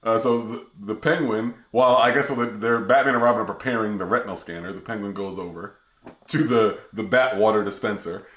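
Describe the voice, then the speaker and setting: A man's voice: on the low side, a little fast. A man co-hosting a podcast in casual chat, recapping a film with amused energy and frequent laughter. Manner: animated and amused, laughing often. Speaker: podcast co-host. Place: shared recording room. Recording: roomy echo.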